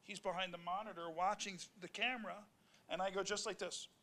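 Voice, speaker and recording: Bright high-voiced man telling a story. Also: fairly even intonation, brisk. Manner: rambling, self-interrupting storyteller who acts out quotes. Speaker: actor, panel guest. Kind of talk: convention panel anecdote. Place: convention hall panel.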